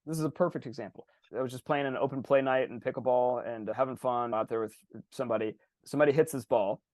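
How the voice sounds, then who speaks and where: Fast-talking man, animated and swearing. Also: medium pitch, no room sound, clean studio sound. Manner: animated, swears freely, acts out players' voices. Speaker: podcast co-host. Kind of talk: casual podcast chat.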